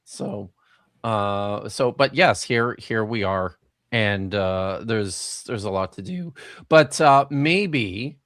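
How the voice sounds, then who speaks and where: A man hosts a casual live stream, rambling and joking with plenty of restarts. His voice sits a little low. The sound is dry and close. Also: expressive, takes it slowly, a bit bright, no room sound. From Canada. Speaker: host.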